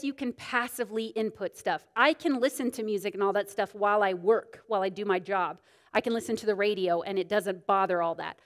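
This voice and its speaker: A woman in her thirties, teaching a women's Bible study in a candid, self-deprecating, storytelling way. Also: mid-range voice. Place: church meeting room. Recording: long church reverb.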